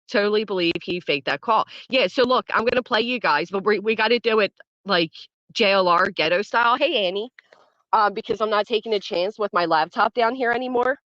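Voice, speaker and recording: A woman's voice: medium pitch, fairly bright tone, no echo, muffled recording. A woman hosting a casual livestream from home, chatting with her viewers and reacting to the chat in a blunt, foul-mouthed way, laughing often. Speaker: livestream host. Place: at home, early morning.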